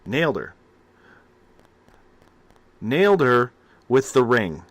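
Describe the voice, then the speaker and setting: A man's voice: mid-range voice, very animated, slow pace, no room sound. A man hosting a late-night call-in radio show, greeting callers in an upbeat, friendly way.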